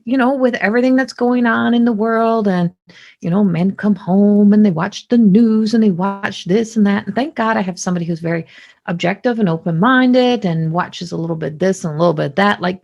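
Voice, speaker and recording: A middle-aged woman hosting a podcast, talking in a lively, rambling way with many restarts. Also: mid-range voice, fairly quick, gravelly, muffled recording. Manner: animated, talkative, many restarts. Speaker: podcast host; psychic medium. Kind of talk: casual spoken monologue.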